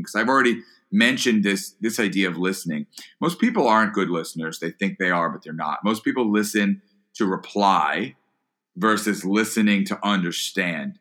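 A man with a lowish, pushed and bright voice answers questions in a podcast interview as a guest, an entrepreneur and author. He talks earnestly about leadership and listening, often repeating words as he begins a phrase.

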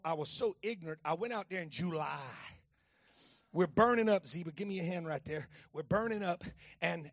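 A man in his fifties preaching a storytelling sermon, talking to a child beside him and repeating phrases as he builds to shouting. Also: sits high, creaky, no echo, studio quality.

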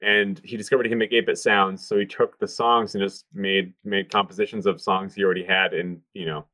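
A man's voice: deep voice, level tone, brisk, sharp tone, dry recording. A man talking casually on a podcast, rambling with lots of ums and the odd curse. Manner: rambling, swears freely, many ums. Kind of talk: casual chat.

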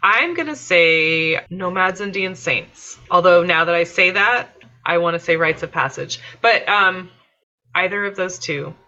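A woman chats casually on a podcast in a low but bright voice. She talks with plenty of fillers and laughs now and then. The audio sounds slightly muffled. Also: animated, a little slow. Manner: chatty, laughing, many fillers. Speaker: podcast guest.

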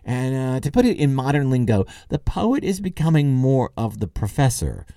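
A man's voice: mid-range voice, very animated, normal speed, gravelly, warm tone, dry recording, clean studio sound. A man hosting a podcast, giving a conversational literary lecture, thinking aloud with occasional chuckles. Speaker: podcast host and lecturer on Dante.

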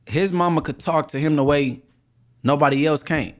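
A man's voice: on the high side, normal speed. A man co-hosting a podcast, chatting casually and jokingly with lots of filler phrases. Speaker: podcast co-host. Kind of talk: casual chat.

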